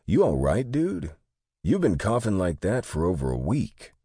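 A man's voice: low-pitched, huge pitch swings, normal speed, warm tone, slightly rough, no echo, studio quality, voice pushed up, heavily acted. A man voicing a sarcastic, impatient young male police detective. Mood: needling. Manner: sarcastic, teasing.

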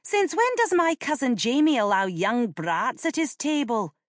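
A haughty noblewoman snaps in a high, scornful voice, as a woman narrator puts her on. Her lines rise sharply and swing widely in pitch, delivered slowly in a dry, close sound. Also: big pitch swings, no room sound. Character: haughty, hot-tempered noblewoman.

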